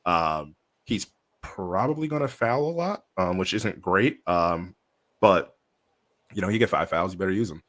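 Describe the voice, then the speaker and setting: On a casual basketball podcast, this young co-host talks at a moderate pace in a low, fairly bright voice with lively intonation. He rambles through the sports chat, with plenty of fillers and restarts.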